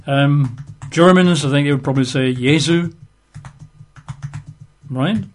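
In an informal Bible teaching, a man with a fairly high voice speaks at normal speed, staying conversational and tossing in wry asides. He spells out names and words letter by letter as he goes.

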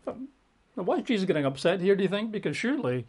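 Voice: mid-range voice, sing-song, fast, darkish tone, slightly rough. A preacher giving a Bible exposition sermon, emphatic and conversational, piling up repeated synonyms with casual asides.

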